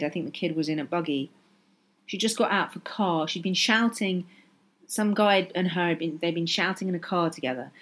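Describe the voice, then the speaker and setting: A woman hosting a solo podcast, talking earnestly and with passion, driving her points home by repeating them. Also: fairly low pitch. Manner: earnest, impassioned, emphatic repetition. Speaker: podcast host.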